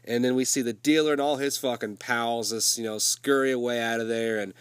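A man's voice: medium pitch, fairly even intonation, fairly quick, smooth, dry recording. A man with a summer cold recapping a movie in loose, profane, conversational storytelling.

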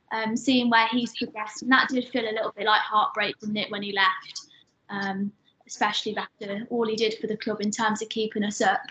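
Bit high-pitched woman reminiscing, sounds muffled with faint hiss behind. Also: a bit bright. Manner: chatty, nostalgic, laughs. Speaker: guest. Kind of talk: casual fan chat. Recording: muffled with faint background noise.

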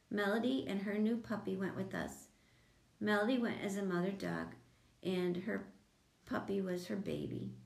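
A woman with a mid-range, gravelly and slightly mellow voice reads a children's chapter book aloud, raising her voice for the children's lines. It's recorded in an echoey room with a faint hum.

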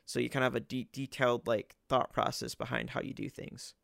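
A man's voice: medium pitch, little pitch movement, a little fast, gravelly, fairly bright tone, dry recording, studio quality. A young man co-hosting a casual podcast chat, explaining his ideas thoughtfully with lots of fillers. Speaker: podcast co-host.

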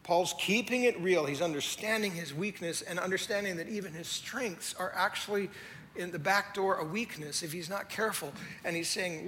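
A man, a lead pastor, preaching a sermon in a conversational way that swings from animated to hushed. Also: sits high, normal speed, slight background noise. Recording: long hall reverb, faint ambience.

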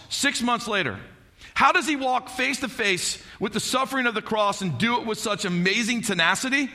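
High, bright-voiced male pastor preaching. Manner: animated storytelling with frequent "like" and "right?". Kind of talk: sermon.

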